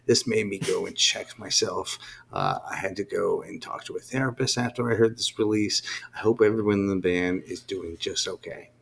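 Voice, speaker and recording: A man's voice: low voice, moderate pace, gravelly, a bit bright, a little hiss or hum. A man co-hosting a music podcast, casually enthusiastic as he announces awards. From Southern Ontario. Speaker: podcast co-host.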